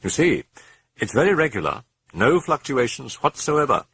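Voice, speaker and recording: A man voicing a brisk, busy doctor with a clipped way of speaking. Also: medium pitch, big pitch swings, vocal fry, a bit bright, husky, dry recording, pitched above the performer's own voice, full character voice.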